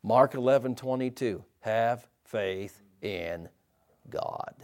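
A man preaching a sermon as pastor, asking his listeners for responses and swinging from hushed to loud. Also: medium pitch, lively intonation, moderate pace. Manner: asks the congregation for responses.

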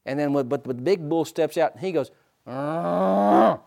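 A man preaching a sermon as pastor, asking his listeners for responses and swinging from hushed to loud. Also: on the high side, quick pace. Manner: asks the congregation for responses.

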